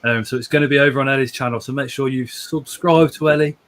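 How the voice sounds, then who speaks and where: A man's voice: medium pitch, steady tone, fast, a bit bright. A man hosting a casual live stream from home, rambling, repeating words and chuckling as he reads out viewer comments.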